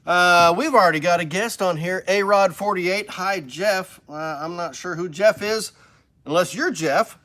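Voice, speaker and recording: A man's voice: high-pitched, a little slow, bright, forceful tone. A man from the hosting a casual live stream from a music store studio, upbeat and rambling.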